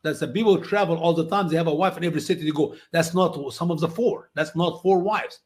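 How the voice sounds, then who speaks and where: Emphatic guy, pretty high voice, tells stories. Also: quick pace, a little mellow. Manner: non-native English, emphatic, acts out quoted voices high. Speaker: guest answering questions. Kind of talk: animated storytelling answers.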